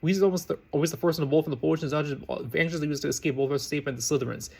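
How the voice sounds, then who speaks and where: Fast-reading man narrating fan fiction. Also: a little high, steady tone, creaky. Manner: rushed, frequent slips and restarts. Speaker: reader.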